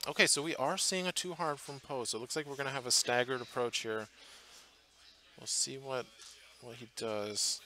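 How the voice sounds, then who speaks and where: A man's voice: mid-range voice, fairly even intonation, moderate pace, sharp tone, slight background noise. A man commentating live on a tabletop tournament match, chatty and thinking aloud with fillers and restarts, from a booth at the event. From Portland area, US.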